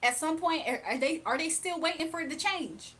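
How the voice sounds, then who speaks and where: A woman's voice: high-pitched, animated, fairly quick, a bit bright. A woman, giving a casual, emphatic spiritual reading on a livestream. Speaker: spiritual reader.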